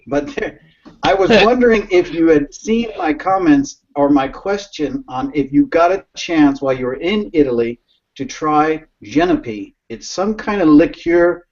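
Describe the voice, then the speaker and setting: Higher-voiced man telling a rambling story. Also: lively intonation, unhurried, a little mellow. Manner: rambling storyteller, laughs often. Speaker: guest. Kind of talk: casual video call chat. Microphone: video call. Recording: lo-fi video call audio.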